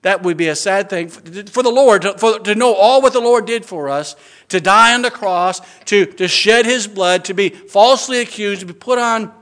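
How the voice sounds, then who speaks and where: A man's voice: high voice, moderate pace, fairly bright tone. A middle-aged man preaching an earnest sermon as pastor, with frequent stammering restarts and emphatic rises.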